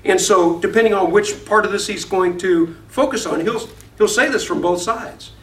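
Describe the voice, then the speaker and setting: A man's voice: high voice, moderate pace, a bit bright. A man teaching a Bible study class, reading verses aloud, explaining them and putting questions to the class. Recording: echoey room, voice far from the mic.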